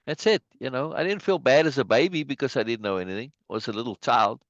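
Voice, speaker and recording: A man's voice: medium pitch, quick pace, dry recording. A man hosting a casual video-call chat, speaking emphatically and laughing often. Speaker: host. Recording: dull lo-fi video call audio.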